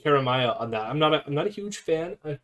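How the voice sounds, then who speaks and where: A man with a fairly high voice hosts a relaxed live stream. He reads an article aloud and breaks off to comment on it, with plenty of "uh"s and restarts. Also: quick pace. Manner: chatty, with frequent fillers and self-corrections. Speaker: streamer host.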